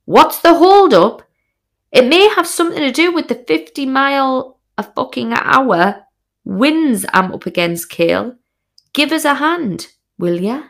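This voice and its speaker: A woman's voice: a little high, expressive, measured pace. Woman doing her exasperated sweary husband. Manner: sweary, sarcastic, shouted. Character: exasperated husband struggling in gale.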